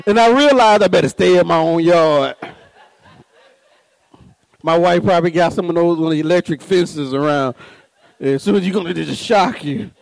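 A middle-aged man preaching with humor, telling stories, mimicking voices and laughing, swinging from low mutters to high shouts. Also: normal speed, vocal fry, long pauses, dry recording, rough recording. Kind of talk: humorous sermon.

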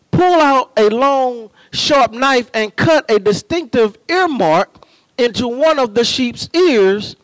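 Male preacher, very high voice, slow deliberate delivery, dry close sound, impassioned sermon. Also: dry recording, poor audio. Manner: impassioned, rising to shouts and drawn-out emphasis.

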